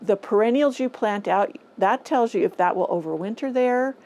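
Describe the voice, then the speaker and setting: A woman's voice: mid-range voice, moderate pace, darkish tone, low-quality recording. Chatty gardening woman in a greenhouse. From Northern California. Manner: chatty, opinionated, repeats herself for emphasis. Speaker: gardening channel host. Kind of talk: casual talking-to-camera vlog. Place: greenhouse on a rainy day. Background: faint dripping rain ambience.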